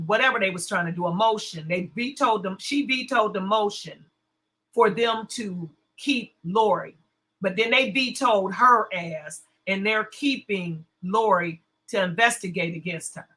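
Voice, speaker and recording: A woman's voice: medium pitch, fairly bright tone, low-quality recording. A woman hosting a casual commentary livestream, blunt and cussing, her voice strained from a sore throat. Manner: blunt, cussing, chatty, greets viewers. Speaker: livestream host.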